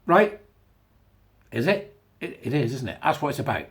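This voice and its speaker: A man giving a rambling, casual commentary to his viewers, animated and sarcastic, with plenty of asides and filler. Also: mid-range voice, normal speed. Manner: meandering, chatty, with filler. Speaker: online commentator.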